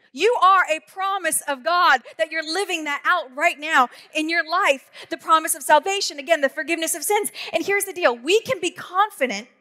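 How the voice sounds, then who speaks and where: A woman pastor in her thirties preaching a sermon, telling stories with quick asides and humor. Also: extremely high pitch, pushed and bright. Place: church auditorium. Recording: long hall reverb.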